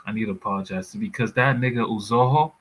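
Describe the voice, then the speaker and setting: A man's voice: on the low side, fast talker, fairly bright tone, slightly rough, low-quality recording. A man in a casual football chat, blunt and heated, swearing freely. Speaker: football pundit.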